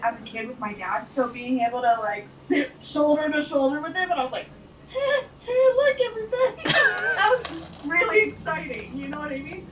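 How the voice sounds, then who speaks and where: A woman recalling a memory, stopping now and then to search for the right words. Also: fairly high pitch. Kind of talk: casual interview storytelling. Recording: roomy, distant, faint noise.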